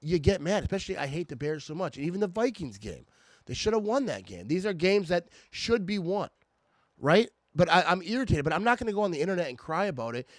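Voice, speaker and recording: A man's voice: high voice, big pitch swings, fast talker, dry recording. A man in a casual, irritated fan rant about his team, stammering and restarting often. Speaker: sports fan vlogger.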